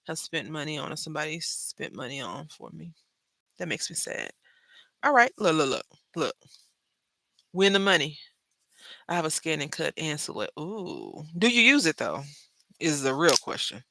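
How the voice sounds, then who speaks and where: A woman hosting a craft channel, chatting with viewers while she makes a card, calling them "y'all" and jumping between loud remarks and hushed asides. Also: sits low, lively intonation, moderate pace, no room sound. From Brazil. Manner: chatty, talks straight to viewers, lots of "y'all". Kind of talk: casual chat while crafting live.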